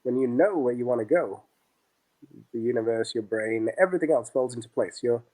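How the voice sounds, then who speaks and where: A man's voice: mid-range voice, brisk. A middle-aged man, an interview guest and business founder, telling stories in a conversational way and acting out the dialogue. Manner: animated, acts out dialogue in quotes. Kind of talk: conversational storytelling.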